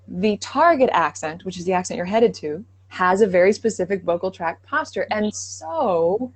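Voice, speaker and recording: A woman with a middle-range voice gives accent advice during a live stream. She explains calmly and keeps reassuring the people asking questions. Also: mid-range voice, rough recording. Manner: warm, encouraging, explanatory. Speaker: accent coach, co-host. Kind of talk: live online Q&A, giving advice.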